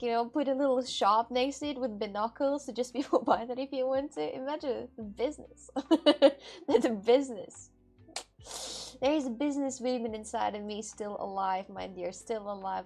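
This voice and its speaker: High-voiced woman, chatty and laughing. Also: gravelly. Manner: animated, laughing, bursts of shrieks while retelling. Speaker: vlogger. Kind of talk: casual storytelling to camera.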